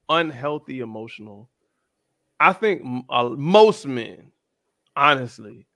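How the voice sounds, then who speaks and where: Man in his thirties, lively pitch, bright forceful voice, dry close sound, slangy podcast chat. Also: no room sound. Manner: animated, slangy, acts out quotes. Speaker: podcast co-host. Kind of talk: casual chat.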